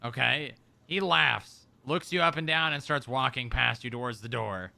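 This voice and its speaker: A man's voice: medium pitch, moderate pace, creaky, sharp tone. A man running a roleplay scene, narrating what happens and asking questions in a teasing, matter-of-fact way.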